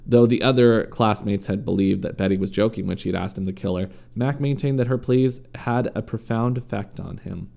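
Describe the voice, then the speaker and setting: A man's voice: fairly low pitch, a little fast, vocal fry, few pauses, dark tone. A man reading a story aloud in a casual way, stumbling and correcting himself now and then. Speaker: podcast host reading a story. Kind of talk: casual true-crime reading.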